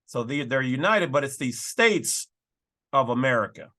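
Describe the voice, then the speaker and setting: A man's voice: mid-range voice, animated, moderate pace, bright, forceful tone. A man hosting his own channel, casually talking through and reading legal documents with folksy, emphatic asides. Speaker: channel host.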